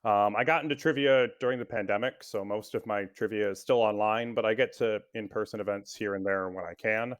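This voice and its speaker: A man's voice: lowish voice, steady tone, brisk, hardly any pauses. A man from the Minneapolis area hosting a trivia podcast game, easygoing and careful reading questions. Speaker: guest quiz host.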